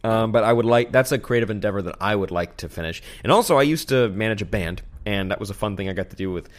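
Guy hosting a podcast, voice on the low side, rambling loose stories, swears a bit. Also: fast talker. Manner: rambling storyteller, swears casually. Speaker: podcast host. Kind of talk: casual chat.

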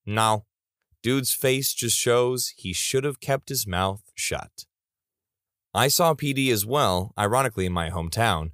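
A man's voice: medium pitch, a bit bright, no room sound, studio quality. A man narrating reader stories in a comedic style, with playful asides.

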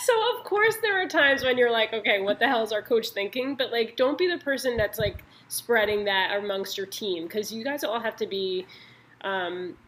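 A woman's voice: on the high side, normal speed, a bit bright, poor audio. A young woman co-hosting a casual chat, reading sports tips in an upbeat way with lots of "like" and "um".

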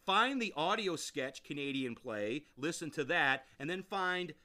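A man's voice: on the high side, expressive, a little slow, pushed and bright. A man hosting a podcast, giving an enthusiastic, rambling review and repeating phrases for emphasis. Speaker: podcast host. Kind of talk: casual review monologue.

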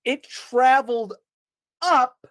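A man's voice: very high voice, slow, fairly bright tone, dry recording. A man telling a story as a podcast guest in a rambling, casual way, swearing freely and laughing along.

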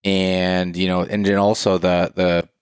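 A man hosting a casual interview, asking halting questions with many fillers. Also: low voice, level tone, clean tone, dry recording, studio quality. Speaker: podcast host.

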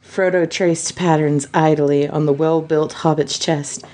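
A woman's voice: deep voice, fairly even intonation, unhurried, a little mellow. A woman co-hosting a podcast, reading fan fiction aloud and often breaking into laughter. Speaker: podcast co-host.

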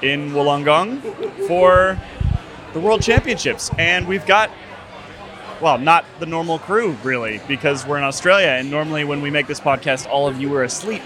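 A man's voice: on the high side, moderate pace, bright, forceful tone. A man hosting a podcast in a casual, joking, conversational way, recorded in a tavern. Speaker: podcast host.

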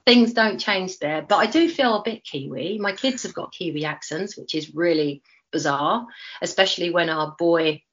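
A retired Olympic runner in her forties from East London chats as an interview guest, telling her story in a Cockney accent with lots of fillers and restarts. Her voice is lowish and a bit bright at a moderate pace, and the recording has a dull lo-fi sound.

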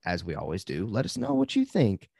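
A man's voice: on the low side, huge pitch swings, creaky, a little mellow, no room sound. A man co-hosting a podcast in easygoing, casual fan discussion, leading segments and asking his partner for takes. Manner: easygoing, leads the segments, quick agreeing interjections. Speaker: podcast co-host.

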